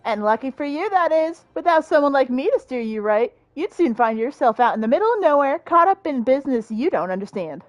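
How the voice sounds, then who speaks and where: A woman's voice: high-pitched, very animated, brisk, hardly any pauses, dry recording, muffled recording, faint music behind, pitched above the performer's own voice. A woman voicing a welcoming female innkeeper in a game, with a genial, lilting manner. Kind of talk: voicing game dialogue aloud.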